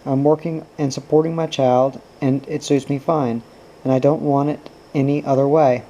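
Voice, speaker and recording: A man's voice: mid-range voice, steady tone, moderate pace, dark tone, muffled recording, natural voice. A man reading the lines of a bitter, guarded young mother, with curt, cutting replies. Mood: cold.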